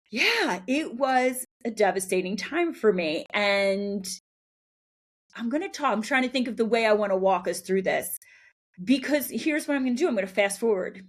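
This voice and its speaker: A woman hosting a solo podcast, telling a personal story in a candid, reflective way with soft laughs between phrases. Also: medium pitch. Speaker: podcast host.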